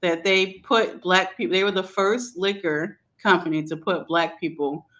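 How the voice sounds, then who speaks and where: Bright-voiced woman telling a story. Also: fairly low pitch, moderate pace. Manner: animated, laughing often, colloquial. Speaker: podcast co-host. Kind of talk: casual storytelling chat.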